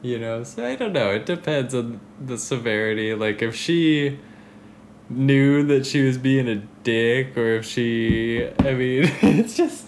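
A man's voice: mid-range voice, animated, a little slow, a little hiss or hum. Giggly rambling male podcast co-host. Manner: giggly, rambling, often trails off. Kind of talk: casual comedy chat.

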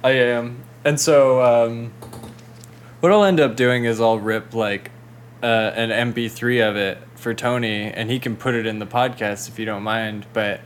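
A man's voice: medium pitch, steady tone, a little slow, a little hiss or hum. A man co-hosting a podcast in loose, rambling casual chat. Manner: loose and rambling, full of fillers. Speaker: podcast co-host.

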